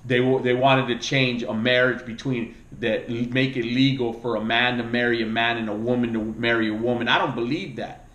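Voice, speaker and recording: A man's voice: steady tone, moderate pace, fairly bright tone. Fired-up preachy man in an echoey room. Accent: Latino American English. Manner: emotional, preachy, repeats "man", voice jumps up and drops low. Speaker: vlogger. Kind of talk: impassioned political rant.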